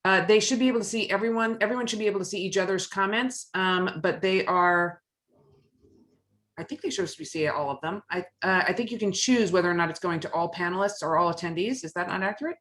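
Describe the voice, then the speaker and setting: A woman's voice: mid-range voice, quick pace, a bit bright. A woman helping run a webinar, sorting out a technical issue in a hesitant, apologetic way over call audio. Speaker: webinar producer. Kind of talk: casual tech support on a call.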